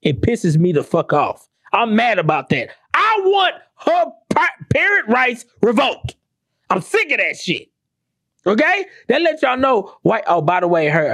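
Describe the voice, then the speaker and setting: A podcast host, she rants in a monologue packed with curses, sarcasm, and rhetorical questions, her voice leaping to high exclamations and sinking into low asides. The audio is dry and studio-clean.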